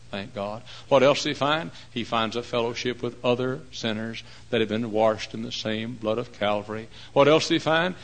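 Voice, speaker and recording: A man preaching a lively sermon in a church, bursting into shouts and putting on voices. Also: on the low side, creaky, low-quality recording.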